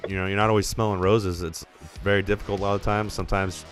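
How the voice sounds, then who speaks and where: A man with a very deep voice hosts a podcast in loose, easygoing chat, full of "like" fillers. Faint music sits underneath. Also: little pitch movement, fast talker. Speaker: podcast host and filmmaker. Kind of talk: casual chat.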